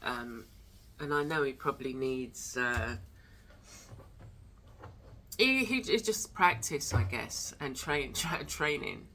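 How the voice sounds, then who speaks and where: Her voice is extremely low, bright, and forceful, expressive yet slow with frequent pauses, over slight background noise. Hosting her arts and wellness channel, she carries a handheld camera from home studio to garden, chatting loosely with plenty of fillers and thoughts that trail off.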